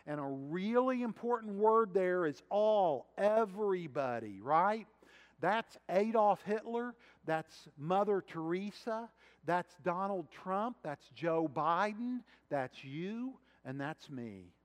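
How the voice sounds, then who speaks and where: High-voiced preaching man in a hall. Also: expressive, measured pace. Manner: conversational preaching with rhetorical questions. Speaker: pastor. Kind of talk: sermon.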